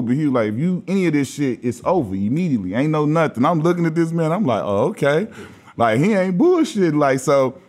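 A man from Los Angeles sits in as a guest and spins casual stories in a notably high voice for a man. He acts out the people in his tales, shifting his voice for each quoted line, and laughs a lot as he talks. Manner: animated storyteller who acts out quoted voices, laughing often. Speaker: podcast guest, former basketball player. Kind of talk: casual storytelling chat.

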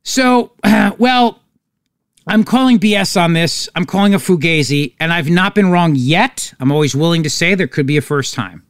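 A man's voice: on the high side, expressive, moderate pace, clear, resonant tone, dry recording, studio quality. A man hosting a political talk show, sarcastic and mocking in his commentary. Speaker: talk radio host.

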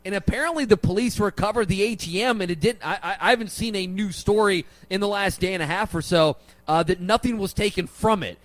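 A man's voice: high voice, a little fast, no room sound. A man hosting a sports radio show from the studio, chatting loosely and laughing easily. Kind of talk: casual sports radio talk.

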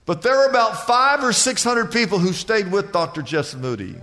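A man preaching a sermon as pastor, telling a story with lively delivery and acting out the people he quotes. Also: high voice, normal speed, big-room sound. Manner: animated storytelling, voicing other people in anecdotes.

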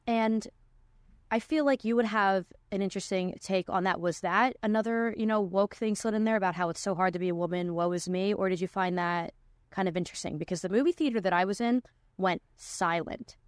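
A woman's voice: medium pitch, brisk, no echo. Chatty young woman, dry close sound. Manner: chatty, many likes and restarts, laughs often. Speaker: podcast host. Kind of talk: casual chat.

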